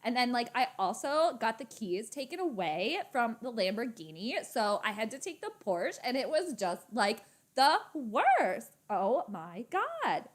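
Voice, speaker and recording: A woman's voice: a little high, very animated, unhurried, hardly any pauses. A woman voicing a ditzy, spoiled young Valley girl who drawls through endless fillers. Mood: whiny. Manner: drawling, filler-heavy upspeak. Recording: live stream from home.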